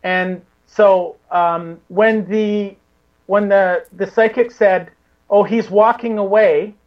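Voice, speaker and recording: A woman's voice: mid-range voice, lo-fi sound. A woman who investigates the paranormal, a guest in a casual interview, rambling with many restarts.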